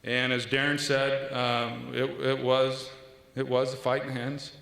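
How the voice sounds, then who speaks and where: A man's voice: medium pitch, flat delivery, creaky, a bit bright. Man, echoey hall speech. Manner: earnest, measured, with pauses and small restarts. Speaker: honoree giving acceptance speech. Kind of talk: formal acceptance speech. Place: large banquet hall. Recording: echoey hall with long reverb.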